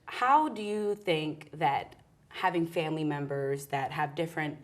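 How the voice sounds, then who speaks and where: A woman's voice: sits low, a little slow. A young college woman hosting a casual student panel, asking long, open questions. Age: young adult. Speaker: host.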